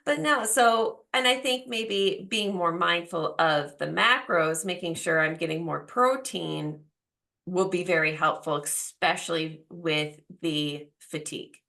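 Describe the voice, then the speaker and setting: A woman's voice: fairly low pitch, unhurried, creaky, bright, forceful tone. A woman in her forties hosting a podcast, talking openly and chattily with plenty of fillers. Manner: open, chatty, full of fillers. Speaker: podcast host. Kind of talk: casual chat.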